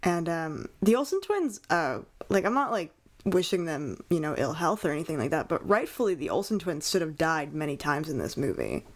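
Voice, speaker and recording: A young woman co-hosting a casual podcast, chatting about a movie in an animated, incredulous way with lots of fillers. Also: low-pitched, moderate pace. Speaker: podcast co-host. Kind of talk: casual chat reviewing a movie.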